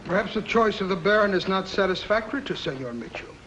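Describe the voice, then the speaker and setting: An actor playing a scheming, accusatory foreign diplomat in a 1950s TV drama. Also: male voice, sits high, lively intonation, fast talker, a bit bright, poor audio. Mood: accusing. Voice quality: mocking, accusatory. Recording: old TV soundtrack with faint hiss.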